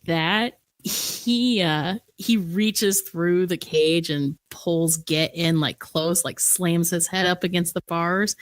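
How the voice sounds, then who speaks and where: A woman running a tabletop game, who narrates casually and slowly, with many fillers. Her voice is lowish and dry. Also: no room sound. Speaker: game master.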